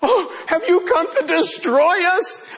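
A preacher acting out a frightened demon crying out in a sermon. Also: male voice, extremely high pitch, animated, slow pace, fairly bright tone, voice pushed up, heavily acted. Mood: panicked. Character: shrieking frightened male demon, defiant.

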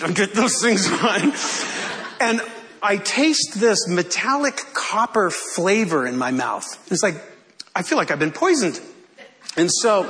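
High-voiced pastor telling a story. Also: male voice, a bit bright, a little hiss or hum. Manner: self-deprecating storytelling. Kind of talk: sermon with personal story.

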